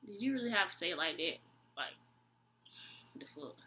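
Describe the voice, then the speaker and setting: A woman's voice: fairly low pitch, normal speed. Exasperated young woman telling a story. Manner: animated, acts out both sides of the dialogue; slangy, dry and exasperated. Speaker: vlogger. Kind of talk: storytime vlog.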